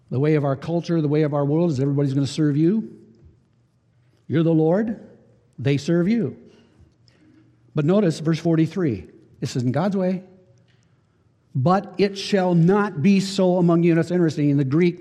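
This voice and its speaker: High-voiced preacher in a reverberant hall. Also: male voice, normal speed, pauses often, warm tone. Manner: emphatic, repeats key phrases and asks the congregation rhetorical questions. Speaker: pastor. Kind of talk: sermon.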